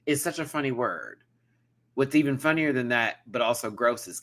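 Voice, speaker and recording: A man hosting a live review of a show in casual, animated, giggly chat. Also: medium pitch, quick pace.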